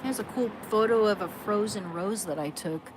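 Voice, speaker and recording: A woman's voice: medium pitch, moderate pace. A woman chatting casually on her livestream, rambling and self-deprecating, often trailing off and restarting her sentences. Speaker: livestream host. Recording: loud background noise.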